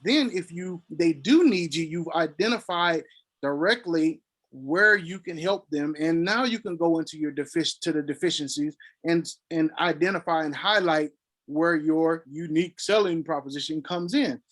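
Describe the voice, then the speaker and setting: A man's voice: a little high, normal speed, fairly bright tone. A man on a casual consulting call, explaining sales technique and acting out sample calls with filler syllables.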